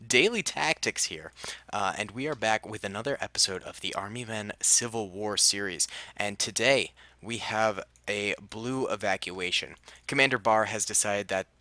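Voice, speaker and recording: A young man hosts a gaming video in a relaxed way, with many fillers. His voice is a little low but bright and forceful. It is recorded close and dry. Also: normal speed, dry recording. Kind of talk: scripted story narration and casual game commentary.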